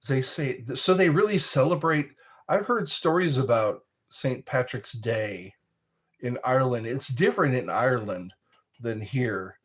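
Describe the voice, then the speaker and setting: Slow-talking husky man streamer. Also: medium pitch, expressive. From United States. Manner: slow, rambling, reads chat messages aloud. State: a little tipsy from wine. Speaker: live streamer. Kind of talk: casual live-stream chat reading comments.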